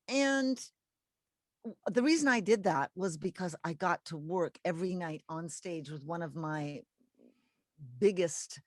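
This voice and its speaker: A woman's voice: sits low, dry recording. A woman from Canada, a singer and guest, chatting casually and laughing over a video call. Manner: laughing, chatty, self-deprecating.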